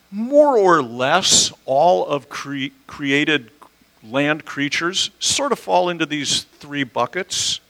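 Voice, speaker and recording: A man's voice: medium pitch, pushed and bright, poor audio. A man preaching an expository sermon as a pastor in a church, talking conversationally and asking his listeners questions. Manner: conversational, asks the audience questions. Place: church sanctuary.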